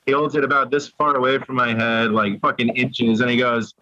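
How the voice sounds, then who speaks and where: Bright-voiced man, dull lo-fi sound. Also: mid-range voice, brisk, hardly any pauses, no room sound. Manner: profane, animated retelling. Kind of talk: casual chat.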